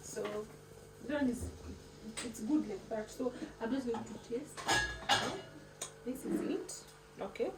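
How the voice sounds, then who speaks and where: A woman presents a relaxed cooking vlog in a fairly high voice, chatty and playful yet unhurried, leaving long pauses and slipping words into her English. The room echoes, the mic is across the kitchen, and background noise comes through clearly.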